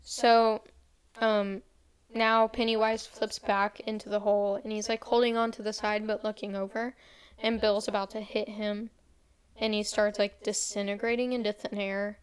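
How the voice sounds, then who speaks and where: Young woman, smooth clear voice, flat even delivery, casual movie recap. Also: medium pitch. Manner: fast casual recap, quoting characters in a light voice. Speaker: storyteller retelling a film. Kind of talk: casual retelling of a horror movie plot.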